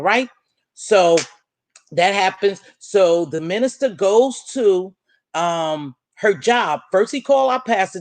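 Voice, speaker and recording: A woman's voice: medium pitch, slight background noise. A woman, hosting a casual chat and telling a story while acting out each person's lines. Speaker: vlog host.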